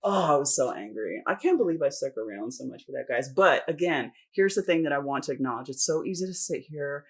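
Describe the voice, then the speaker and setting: A woman's voice: rumbling low, fairly quick, few pauses. A woman hosting a podcast, telling a personal story in candid casual chat, swearing often and acting out what people said. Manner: profane, animated storytelling with acted-out quotes. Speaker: podcast host.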